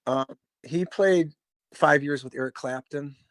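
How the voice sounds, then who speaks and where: A man's voice: fairly high pitch, measured pace, a bit bright, dry recording. Chicago man, musician guest, loose storyteller with plenty of profanity, dry close mic. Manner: rambling, swears freely, acts out quoted voices. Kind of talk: casual storytelling interview.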